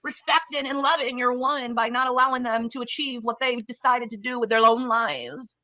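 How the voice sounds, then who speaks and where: Whiny, shrill woman ranting. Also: fairly quick, bright, forceful tone, no echo. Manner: whiny, mocking voice. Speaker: video subject. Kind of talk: ranting monologue.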